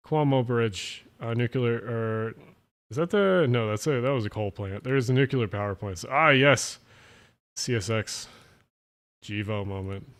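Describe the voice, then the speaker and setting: A streamer with a clear, resonant, mid-range voice and a New Jersey/Philadelphia accent talks casually on a late-night livestream. He rambles, swears and lets his words run into each other.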